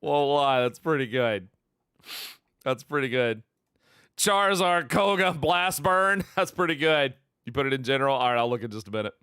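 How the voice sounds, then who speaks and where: A man streaming live, chatting casually, excitable, laughing often and repeating himself as he reacts. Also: mid-range voice, brisk, clean tone, no room sound, clean studio sound. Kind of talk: casual livestream chat.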